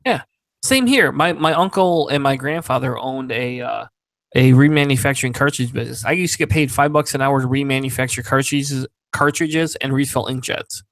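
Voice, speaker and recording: A man's voice: mid-range voice, moderate pace, fairly bright tone, no echo. Male podcast host, casual chat, profane, rambling storyteller, dry sound.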